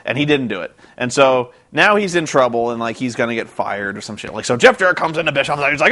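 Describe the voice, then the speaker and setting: A man's voice: mid-range voice, lively intonation, fast, hardly any pauses, sharp tone. A man rambling in a sarcastic, exasperated vlog commentary on a wrestling show. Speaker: vlogger reviewing a wrestling show.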